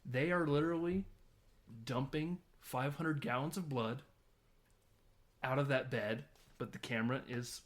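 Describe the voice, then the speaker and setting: A man in easygoing podcast chat walks through a movie scene by scene. He talks at an ordinary, mid-range pitch, laughing often and dropping the odd swear word as he tells it. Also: a little slow. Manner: lively storytelling, laughs often, swears casually. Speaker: podcast host. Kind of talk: casual movie recap chat.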